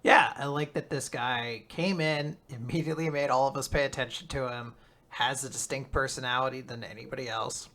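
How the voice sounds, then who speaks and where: Co-host, mid-range voice with a bright edge, easygoing and agreeable. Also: mid-range voice, fairly even intonation, brisk. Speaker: podcast co-host. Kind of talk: casual manga recap chat.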